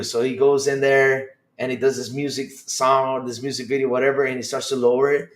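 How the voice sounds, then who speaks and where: A man's voice: mid-range voice, level tone, a little fast. A man hosting a casual podcast, chatting loosely, repeating himself, swearing and laughing often. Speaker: podcast host. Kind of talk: casual livestream chat reacting to chat comments.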